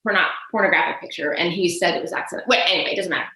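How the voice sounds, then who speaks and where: A woman's voice: lowish voice, rapid-fire, bright, forceful tone. A woman guest telling rambling anecdotes in casual chat, with lots of fillers. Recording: echoey room.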